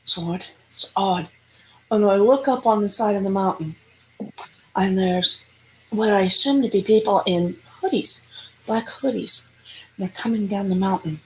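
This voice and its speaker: A woman's voice: medium pitch, unhurried, a little hiss or hum, poor audio. A woman who investigates the paranormal, telling a story in a casual interview and acting out the lines people said. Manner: animated storyteller who acts out quoted lines; casual, conversational, with restarts.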